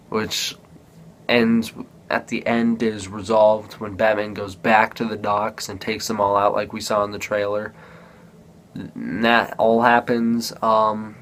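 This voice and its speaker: A man's voice: lowish voice, slight background noise. A man giving a casual spoken movie review, rambling, restarting sentences and acting out characters' lines.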